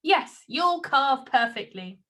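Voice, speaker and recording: A woman voicing a nervous but kind and hopeful old male woodcarver, speaking gently. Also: very high-pitched, sing-song, slow pace, exaggerated voice. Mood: muttering. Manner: coaxing and gentle.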